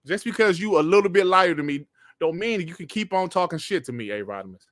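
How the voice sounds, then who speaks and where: Middle-aged man, streamer host, laid-back and cussing, bright voice, dry sound. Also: high-pitched, expressive, fast talker, no room sound. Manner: laid-back, slangy, profane. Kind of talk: casual livestream chat.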